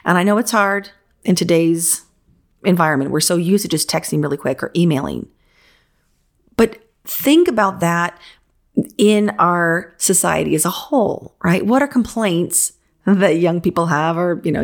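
Woman, slightly low voice, frank and emphatic, casual podcast advice for designers. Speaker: interior design business coach.

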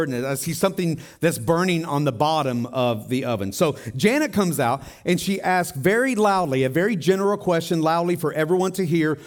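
A middle-aged man pastor preaching a sermon in a church in a conversational way, often asking the congregation questions. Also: fairly high pitch.

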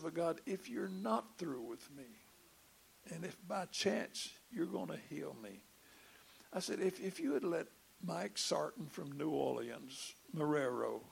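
A man's voice: fairly high pitch, slight background noise. An older man, telling a testimony in a sermon and stammering as he repeats his words. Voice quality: gravelly. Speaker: preacher.

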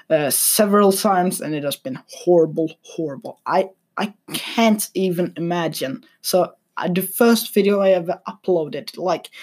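A young man rambling casually at his computer, hesitant, with dry deadpan humor. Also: a little high. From Sweden. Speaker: vlogger. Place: at a computer desk. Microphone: computer mic.

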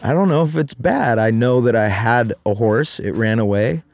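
A man's voice: mid-range voice, normal speed, no room sound, natural voice. A man voicing an unbothered old farmer in a parable, speaking evenly and with a shrug. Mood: calm. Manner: even, shrugging delivery.

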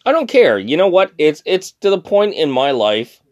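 A man's voice: fairly high pitch, sing-song, moderate pace, a little mellow, dry recording. A drunk man ranting angrily about a customer, swearing constantly and stammering through restarts. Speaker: thrift shop worker. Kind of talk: angry profane rant.

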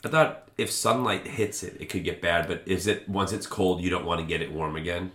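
A man's voice: deep voice, fairly even intonation, a little fast, fairly bright tone, echoey room. A man hosting a casual beer-tasting podcast, joking and swearing freely. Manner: joking, profane banter. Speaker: podcast host.

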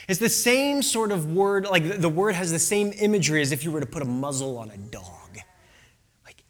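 A preacher giving a sermon, telling the story with lively acted-out quotes and questions to the listeners. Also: medium pitch, moderate pace. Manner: animated storyteller who acts out quotes.

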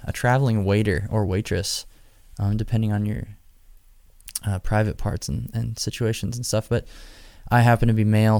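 A man's voice: on the low side, a little mellow, smooth, no echo, clean studio sound. A young man from Nebraska hosting his podcast alone, chatting casually in a rambling, jokey, self-deprecating way. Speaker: podcast host. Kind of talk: casual solo podcast chat.

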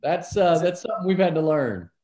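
A middle-aged man tells a story as a guest in a casual interview, and he acts out the people in it with lively voices. His voice sits a little high. The recording has a roomy echo. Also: fairly quick. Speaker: podcast guest, businessman.

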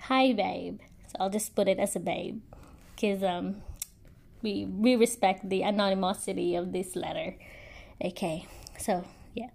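A woman's voice: medium pitch, fairly even intonation, a little slow, creaky, a little mellow. A young woman hosting a podcast, hesitant with many fillers, then reading a listener's letter aloud earnestly. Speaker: podcast host.

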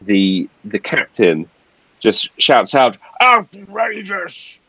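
A man narrating a tabletop horror game as game master, casual and halting with frequent restarts. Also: on the low side, big pitch swings, no room sound, poor audio.

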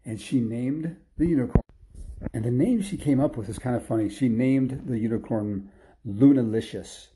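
A man's voice: medium pitch, normal speed, dark tone, a little hiss or hum. A man telling an improvised children's story in a rambling way, with restarts and sound effects.

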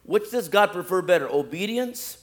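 A man preaching a sermon, acting out scripture scenes and then dropping to quiet, wry asides. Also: expressive, moderate pace. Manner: dramatic, swings from loud acted-out pleading to low asides.

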